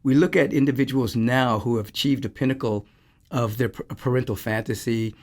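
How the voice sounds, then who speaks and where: A man hosting a podcast interview, adding measured, reflective comments. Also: mid-range voice, fairly even intonation. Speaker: podcast host.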